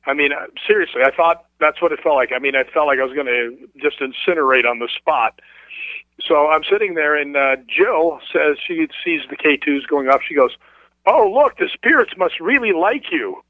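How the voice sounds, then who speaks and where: A man tells a story over a thin, tinny phone line, his voice pitched a bit high. He talks in an animated way and acts out the other people's voices. The sound is dry and close. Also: a little fast, no echo. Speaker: guest telling a ghost story. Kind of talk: casual storytelling.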